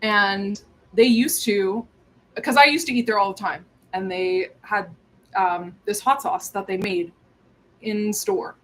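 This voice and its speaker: A woman's voice: medium pitch, steady tone, slow pace, fairly bright tone, poor audio. A woman hosting a cooking livestream from her home kitchen, chatting casually in a rambling way as she moves around, with cooking sounds behind her. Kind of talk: casual chat while cooking.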